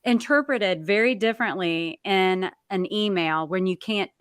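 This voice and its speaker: A woman's voice: medium pitch, a little slow, smooth, dry recording, clean studio sound. Chatty woman hosting an interview. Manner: chatty, restarts questions, laughs easily. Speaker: host. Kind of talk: interview host chat.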